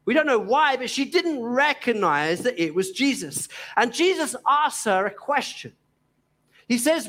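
High-voiced, slow Cockney preacher. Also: male voice, very animated. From East London. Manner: earnest, gently emphatic, pauses often. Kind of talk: sermon.

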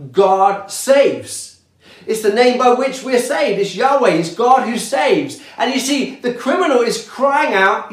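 Slow, deliberate preacher in an echoey room. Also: mid-range voice. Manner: slow, deliberate preaching with falling emphasis on key words. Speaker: pastor. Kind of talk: sermon.

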